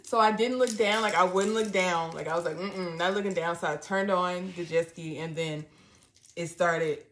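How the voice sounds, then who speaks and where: A young woman hosting a live stream, casually telling a story in an animated, dramatic way and laughing often. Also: lowish voice, normal speed, slight background noise. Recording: roomy echo.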